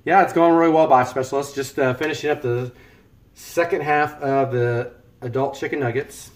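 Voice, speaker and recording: A man with a mid-range voice, steady in tone and moderate in pace, cooks live in his home kitchen while wearing a headset mic. He jokes and rambles as he chats casually with his stream viewers.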